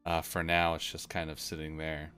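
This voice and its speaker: A man's voice: rumbling low, completely flat delivery, moderate pace, sharp tone, clean tone, faint music behind. A man acting as game master, narrating a tabletop game in a rambling way with many fillers and restarts.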